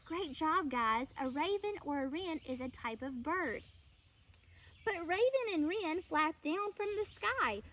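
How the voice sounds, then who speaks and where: A woman teacher reading a picture book aloud to children, pausing to ask encouraging questions. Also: very high voice, animated, fairly bright tone. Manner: encouraging, asks questions of the listeners.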